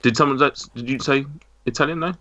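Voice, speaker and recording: A man's voice: medium pitch, a little fast, fairly bright tone, no echo. A man hosting a casual podcast quiz, reading out answers in a jokey way with lots of fillers. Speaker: quizmaster host. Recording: dull lo-fi mic.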